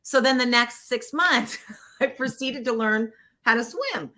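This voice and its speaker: A woman guest on a podcast telling a personal story in a casual, animated way, acting out quoted voices and getting teary. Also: on the high side, measured pace. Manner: animated, acts out quoted voices, laughs often. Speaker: podcast guest, producer and actor. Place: Los Angeles.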